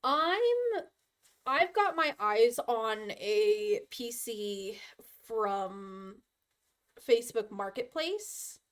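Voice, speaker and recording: A young woman streaming live from her computer, chatting casually and rambling with frequent giggles as she draws. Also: fairly high pitch. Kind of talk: casual live-stream chat while drawing.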